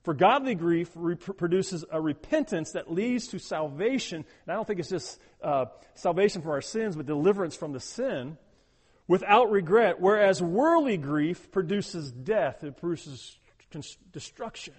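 Man, pastor, sermon, emphatic, repeats words, loud urging and hushed prayer, long reverb. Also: high-pitched, expressive, moderate pace, husky.

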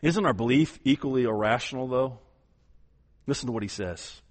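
A pastor with a mid-range voice preaches a sermon in a folksy, conversational way, posing rhetorical questions. He swings from quiet asides to loud, drawn-out proclaiming, and a long hall reverb trails his words.

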